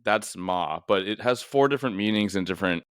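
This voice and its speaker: A man's voice: on the low side, expressive, fairly quick, clean tone, no room sound, studio quality. A man hosting a casual interview conversation, a police officer, thoughtful and rambling with many fillers. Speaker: podcast host and police officer.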